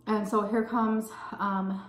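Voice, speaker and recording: A woman in her thirties with a Texan accent, telling a story in casual vlog chat, animated and swearing freely. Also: takes it slowly, reverberant, a little hiss or hum. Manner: animated, swears freely, acts out quotes in a high voice. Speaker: food vlogger telling a story. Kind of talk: casual storytime while eating.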